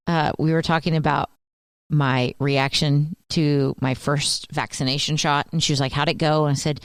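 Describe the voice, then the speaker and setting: A woman's voice: low-pitched, normal speed, clear, resonant tone, no echo, clean studio sound. A woman in her thirties co-hosting a radio show, telling stories in casual banter and acting out the quotes. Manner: animated storyteller, acts out quotes.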